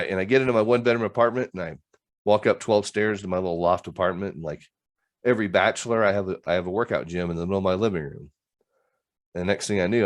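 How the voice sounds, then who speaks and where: A middle-aged man giving an earnest personal testimony as a recovery coach, talking from a home office over a video call. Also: deep voice. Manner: earnest, storytelling with frequent "right?". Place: home office with green screen.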